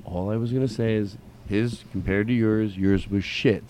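A man hosting a casual studio chat with guests, excitable and joking, swearing often. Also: lowish voice, normal speed, a little hiss or hum. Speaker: host.

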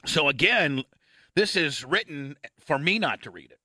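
A male radio host with a bright, pushing voice, correcting a co-worker's read line by line. He is bossy and fussy, and he swears freely. The studio sound is dry and close. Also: fairly high pitch, lively intonation, normal speed, no echo. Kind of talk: casual studio banter, coaching a read.

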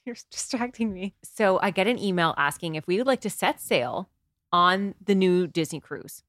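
A woman's voice: on the low side, expressive, a bit bright, dry recording, studio quality. A woman hosting a podcast, chatting casually and playfully with her husband and laughing easily. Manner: playful, bubbly and quick to laugh. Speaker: podcast host.

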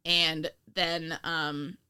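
A woman's voice: sits low, little pitch movement, very slow, bright, forceful tone, clean tone. A woman from New York co-hosting a casual podcast chat, talking loosely with lots of laughter and casual swearing. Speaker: podcast co-host.

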